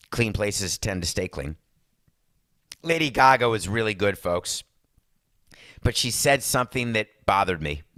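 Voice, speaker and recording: A male podcast host with a bright, forceful voice talks in a sarcastic, rambling way and throws asides to his producer. The sound is dry and close, with no room echo. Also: on the low side. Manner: mock Italian accent in one brief bit. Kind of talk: opinionated sports and culture talk.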